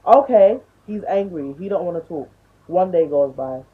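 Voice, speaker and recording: Twenties woman going off on a blunt sweary rant, deep raspy voice, tinny audio. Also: expressive, moderate pace. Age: 20s. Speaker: vlogger. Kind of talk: ranting to camera.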